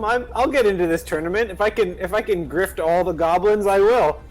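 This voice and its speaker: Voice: medium pitch, a little fast, rough recording. A player in a tabletop game session, joking and speaking in and out of character. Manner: playful, joking. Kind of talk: tabletop role-play, in and out of character.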